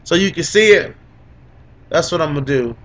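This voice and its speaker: A young man with a fairly high voice gloats through a casual fight recap on a podcast. He teases his co-host, repeats his points again and again, and laughs often. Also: expressive, moderate pace, a bit bright. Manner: teasing, boastful, repeats lines for emphasis, laughs a lot. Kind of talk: gloating casual MMA commentary.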